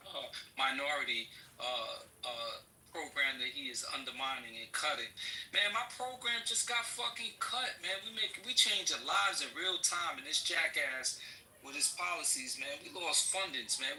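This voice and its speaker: A man's voice: mid-range voice, bright, forceful tone, a little hiss or hum. A man in a heated casual chat, exasperated and profane, stammering through many restarts. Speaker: participant in an online political chat room. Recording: distant mic in a roomy space.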